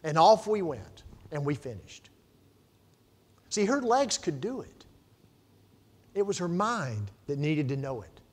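A middle-aged male pastor preaching a sermon, telling stories and swinging between loud emphasis and quiet asides. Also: on the high side.

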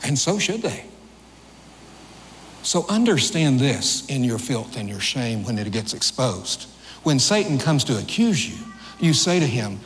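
A man's voice: big pitch swings, unhurried, slight background noise. A middle-aged male pastor giving a sermon in a conversational, storytelling way. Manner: conversational storytelling preacher, rises in pitch for acted dialogue. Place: church sanctuary. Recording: long church-hall reverb, faint ambience.

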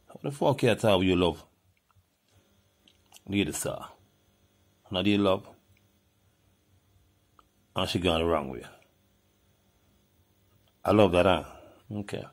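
An older man with a Jamaican accent in a heated, profane, animated rant that jumps between topics. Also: low voice, gravelly, husky.

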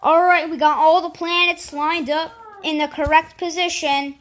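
A woman giving casual commentary over a space game, thinking aloud with lots of fillers and sudden excited outbursts. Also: high voice, moderate pace. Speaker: gameplay commentator.

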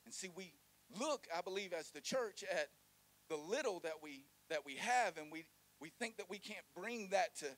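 A man preaching a lively sermon, joking and calling the congregation to repeat lines. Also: high voice, moderate pace. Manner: animated, joking, call-and-response with congregation. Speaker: pastor.

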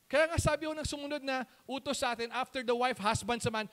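Man, Filipino accent, pastor, sermon, very high voice, rhetorical questions. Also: fast, hardly any pauses, a bit bright. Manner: preaching in Taglish, rhetorical questions and answers.

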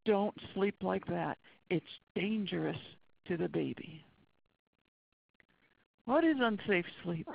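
A forensic pathologist lecturing in a webinar, earnest and blunt, hammering each point home. The voice is gravelly with a fry in it, sitting mid-range in pitch. The audio is dry and dull, with a lo-fi webinar sound. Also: animated, slow pace, long pauses, no room sound.

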